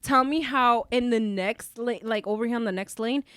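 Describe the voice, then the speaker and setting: A young woman as a podcast guest, telling embarrassing stories in casual chat, animated and laughing as she acts out the other people in them. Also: fairly high pitch, clean tone, no room sound, clean studio sound. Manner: animated, laughing, quick to act out voices.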